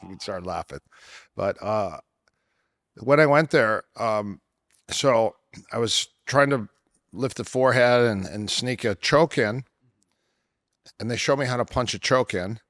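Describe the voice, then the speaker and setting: A middle-aged man, an MMA coach, telling long stories in a casual interview, rambling with many fillers and restarts, his voice worn from years of yelling. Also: mid-range voice, measured pace, pauses often. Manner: rambling anecdotes with many fillers and self-corrections.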